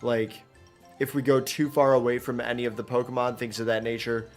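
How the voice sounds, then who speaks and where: A man's voice: medium pitch, little pitch movement, brisk, faint music behind. A man streaming a video game, talking casually and rambling with lots of fillers and restarts as he plays. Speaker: gaming streamer. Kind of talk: casual live gameplay commentary.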